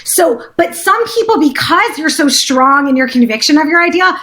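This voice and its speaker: Higher voiced woman coach on a podcast, excitable, lots of "like"s, chatty. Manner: excitable and fast-flowing, full of "like" fillers. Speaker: guest, business coach. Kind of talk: casual interview chat.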